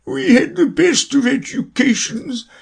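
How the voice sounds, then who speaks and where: Mock Turtle, high and weeping. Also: male voice, lively intonation, vocal fry, exaggerated voice. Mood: tearful. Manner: slow, high, tearful wail. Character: sobbing melancholy Mock Turtle, male, old.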